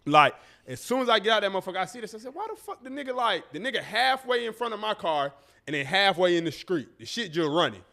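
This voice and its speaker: A man's voice: high voice, quick pace, creaky. A man hosting a podcast, telling a story in casual, profane chat and acting out the people in it. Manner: animated, profane, acts out voices in his story. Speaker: podcast host.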